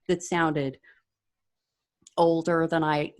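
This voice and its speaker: A woman with a somewhat low voice, interviewed as an author. She talks in a measured, explanatory way and relaxes into anecdotes as she goes. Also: flat delivery. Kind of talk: casual interview chat.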